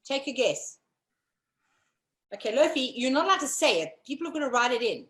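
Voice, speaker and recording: A woman's voice: high-pitched, big pitch swings, brisk, fairly bright tone. A woman from South Africa co-hosting a casual live-streamed talk show, chatty and teasing. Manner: chatty, teasing, addresses viewers.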